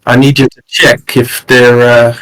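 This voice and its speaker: A man's voice: mid-range voice, flat delivery, moderate pace, fairly bright tone, close to an everyday voice, rough recording. A man voicing a laid-back male agent on a starship in a put-on Jamaican accent, tagging his sentences with "man". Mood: urgent. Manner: drawls and tags sentences with "man".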